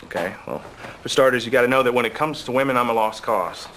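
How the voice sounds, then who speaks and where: An actor playing a hapless, self-deprecating store clerk who talks in a mild, hesitant way. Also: male voice, medium pitch, fast, a bit bright, a little hiss or hum, close to an everyday voice. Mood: glum. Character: shy, hapless young male store clerk. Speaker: client. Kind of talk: sitcom acting.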